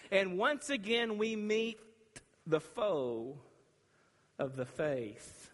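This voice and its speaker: A man preaching a sermon, emphatic and dramatic, with long pauses between phrases. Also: high-pitched, fairly bright tone. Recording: reverberant hall.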